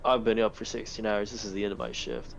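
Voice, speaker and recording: A man's voice: on the low side, very animated, fast, dull audio, slight background noise. Man doing a worn-out, brusque security guard. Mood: weary, brusque. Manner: gruff, weary, brusque instructions. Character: tired, curt male security guard at end of shift.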